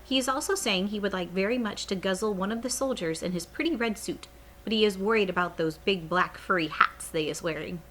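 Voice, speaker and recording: A woman voicing a gentle, stubborn old male giant in a read-aloud children's story, speaking with folksy, jumbled grammar. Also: medium pitch, a little fast, slight background noise, natural voice.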